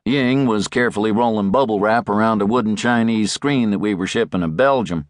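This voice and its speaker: A man narrating a first-person audiobook in a wry, laid-back manner. His voice sits on the low side. The recording is close and dry, with no room sound. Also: normal speed, few pauses, no echo.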